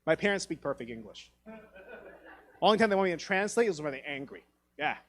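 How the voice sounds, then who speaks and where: A man's voice: a little high, fairly quick. A man performing a stand-up comedy set on a theatre stage, telling stories animatedly and acting out other people's voices. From Taiwan. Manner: animated storytelling, acts out voices.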